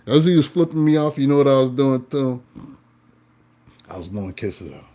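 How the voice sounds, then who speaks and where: A man, a tarot reader and life coach, telling a story to his viewers in a playful way, swinging between loud and hushed and laughing often. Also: medium pitch, expressive, fairly quick.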